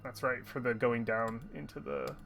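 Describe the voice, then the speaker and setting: A man's voice: mid-range voice, big pitch swings, moderate pace, a bit bright, soft background music. A man running a tabletop game as game master, explaining rules with frequent ums while he checks his notes.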